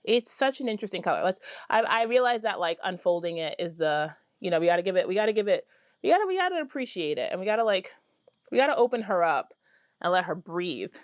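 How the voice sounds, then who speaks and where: Excitable woman vlogger, dry close sound. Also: mid-range voice, fast, no echo, muffled recording. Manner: excitable, gushing, apologizes for screaming; chatty with many fillers. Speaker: fiber arts vlogger. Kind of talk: casual chat to camera.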